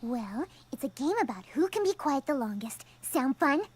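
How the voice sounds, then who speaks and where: A woman voicing a timid, gentle young female pony in a cartoon, soft and hesitant, with a sweet, fretful manner. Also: sits high, sing-song, normal speed. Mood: coaxing. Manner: sweet, fretful, speaks quietly. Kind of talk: cartoon voice acting.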